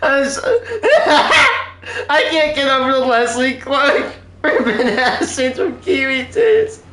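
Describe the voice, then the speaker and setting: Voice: high voice, expressive, a little slow, fairly bright tone, a little hiss or hum. Giggling streamer in an echoey room. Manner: helpless laughing fits, casual swearing. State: teary from laughing. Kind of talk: casual live-stream chatter.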